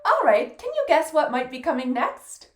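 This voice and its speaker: A woman's voice: sits high, very animated, normal speed, echoey room, soft background music. A woman teaching a fiddle lesson, patiently counting beats aloud and praising often. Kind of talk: encouraging music lesson.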